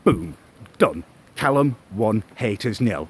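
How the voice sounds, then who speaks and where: A man's voice: fairly low pitch, expressive, measured pace, slightly rough. A man, recording a comedic vlog rant on a phone, telling a story in a smug, sneering way. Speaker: vlogger.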